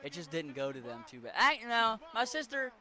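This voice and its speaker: A young man from western Maryland, his accent a blend of Pittsburgh and Appalachian, rambles casually while streaming a game and swears now and then. His voice sits a little high, swings widely in pitch, and sounds pushed and bright at a fairly quick pace.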